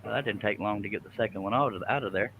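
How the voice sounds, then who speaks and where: A man's voice: lowish voice, racing, narrow, tinny audio, slight background noise. A man hosting a live stream, chatting casually and joking while he works at a scroll saw. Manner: joking, folksy, laughs often. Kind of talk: casual chat while working.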